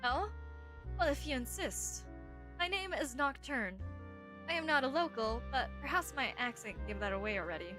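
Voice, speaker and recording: A woman voicing a tall, mysterious and powerful witch in a visual novel, speaking in a calm, measured and politely unsettling way. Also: high-pitched, music in the background.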